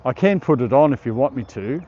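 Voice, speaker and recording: A man's voice: medium pitch, lively intonation, brisk, dark tone, lo-fi sound, slight background noise. A middle-aged Australian man hosting a casual live stream outdoors, reading viewer comments aloud and laughing often. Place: outdoor park.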